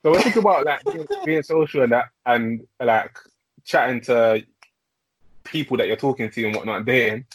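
A man's voice: medium pitch, normal speed, a little hiss or hum, low-quality recording. A young man, teasing and asking direct questions in casual podcast chat. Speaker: podcast co-host.

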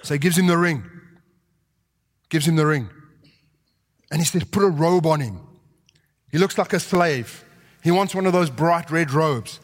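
A man with a high voice preaches a sermon, telling the story vividly and acting out each character's lines. His voice rings with the long reverb of a large hall, as if recorded in a church sanctuary. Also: moderate pace, long pauses.

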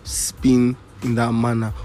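A man's voice: mid-range voice, darkish tone. Joking young man on a podcast. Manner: loose, joking, profane banter. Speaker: podcast co-host. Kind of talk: casual chat.

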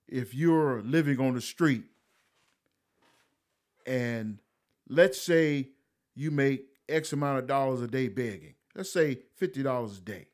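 A man giving blunt, preachy commentary, scolding his listeners in a lecturing tone and slipping into mocking voices to quote others. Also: medium pitch. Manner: slips into mocking voices when quoting others. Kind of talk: direct-to-camera commentary.

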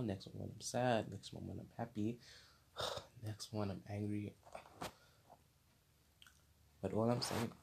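A man's voice: fairly low pitch, gravelly, darkish tone, a little hiss or hum. A man hosting his own podcast segment, talking in an earnest, rambling, unscripted monologue that often repeats itself. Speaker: podcast host.

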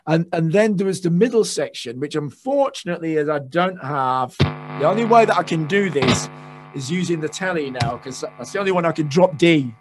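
A man, a guest guitarist, telling excitable stories in a casual interview, swearing and acting out shouts. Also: on the high side, normal speed, over music. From England.

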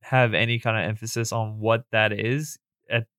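A man's voice: fairly low pitch, little pitch movement, normal speed, a bit bright, clean tone, no room sound, clean studio sound. A man co-hosting a casual podcast, laid-back as he walks through the plot, laughing often and swearing casually. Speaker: podcast co-host. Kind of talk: casual comedic movie recap.

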